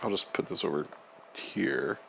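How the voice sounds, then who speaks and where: A man co-hosting a casual gaming stream, joking around and telling stories in an animated way. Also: low voice, a little slow, vocal fry, slightly rough. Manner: joking storyteller, acts out quotes. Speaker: co-host.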